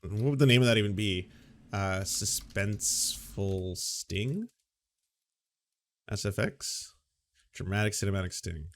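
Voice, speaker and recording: A man's voice: lowish voice, unhurried, long pauses. A man co-hosting a casual commentary show, rambling and goofy, often restarting sentences. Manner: goofy, rambling, self-interrupting. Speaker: co-host.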